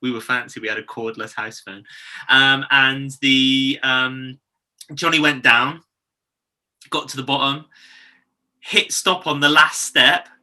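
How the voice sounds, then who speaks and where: A man's voice: mid-range voice, steady tone, takes it slowly, pauses often, pushed and bright. A man, co-hosting a casual chat, laughing often and quoting conversations. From Bristol, England. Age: 30s. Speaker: podcast co-host, hair educator.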